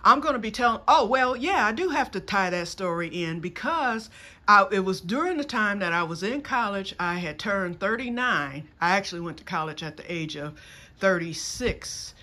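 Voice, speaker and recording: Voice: mid-range voice, expressive, moderate pace, bright, forceful tone. A vlogger in their fifties, chatting casually to camera outdoors in a wooded yard and jumping between topics. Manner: rambling, jumps between topics.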